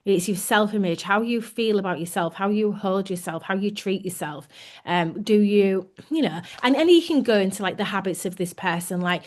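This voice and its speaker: A woman giving a candid, animated motivational talk as a business coach, acting out inner thoughts as she goes. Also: mid-range voice, normal speed.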